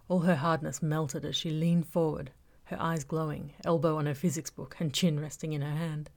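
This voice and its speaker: Brief: female audiobook narrator, low voice with vocal fry, measured first-person telling. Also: steady tone, darkish tone. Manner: measured, reflective storytelling.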